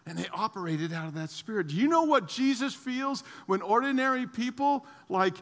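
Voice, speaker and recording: A man preaching a sermon to his church, animated, laughing often and repeating his words. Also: high voice, normal speed, long reverb tail. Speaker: pastor.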